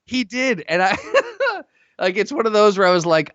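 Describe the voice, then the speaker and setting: A man's voice: high voice, lively intonation, normal speed, fairly bright tone, no room sound, dull audio. A man co-hosting a podcast in casual chat, with laid-back, reactive banter. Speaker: podcast co-host.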